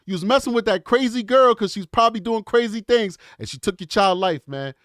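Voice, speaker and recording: Dude live streaming true crime, kinda high voice, blunt and animated, dry close sound. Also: male voice, fairly quick, dry recording. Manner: animated, blunt, calls listeners bro and man. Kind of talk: casual live-stream commentary.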